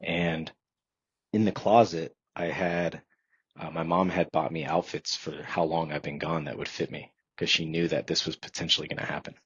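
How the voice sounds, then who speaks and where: Low husky-voiced man telling his story. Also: fairly even intonation, moderate pace, dry recording. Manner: earnest, reflective, filler-heavy storytelling. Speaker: podcast guest. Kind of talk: personal storytelling in a podcast interview. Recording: dry, slightly dull podcast audio.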